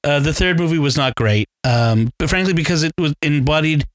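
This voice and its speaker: A man's voice: fairly high pitch, brisk, no room sound. A middle-aged man co-hosting a casual podcast chat, wry and laughing often with nerdy enthusiasm. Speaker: podcast co-host.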